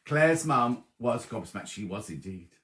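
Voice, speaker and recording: Here a middle-aged man with a medium-pitched, expressive voice talks a little slowly while hosting a casual live sewing chat stream. He's chatty, reads messages from viewers aloud, and greets them warmly by name, all in a roomy, echoey recording.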